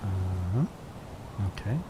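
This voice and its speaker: A man's voice: deep voice, slow pace, loud music behind the voice. A man from Quebec casually commenting on a game he plays, joking with his chat and reading game text aloud. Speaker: gaming streamer. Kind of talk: casual let's-play commentary.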